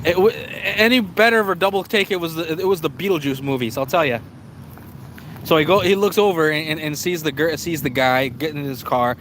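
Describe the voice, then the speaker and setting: Brief: young male streamer, higher-pitched voice, cussing, animated, slangy, stumbling restarts. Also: fairly quick, a little hiss or hum. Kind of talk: casual live-stream storytelling.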